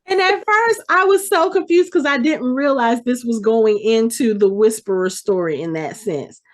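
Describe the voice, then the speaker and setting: A woman's voice: fairly high pitch, expressive, normal speed. A woman hosting a podcast, animatedly retelling a TV episode and acting out the characters' lines. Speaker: podcast host. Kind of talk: casual episode recap.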